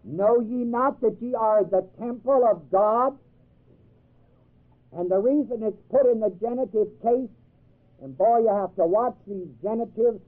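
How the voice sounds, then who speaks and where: A man teaching a Bible class in a sermon style, emphatic, quizzing his listeners with questions. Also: high voice. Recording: tinny phone-like old tape.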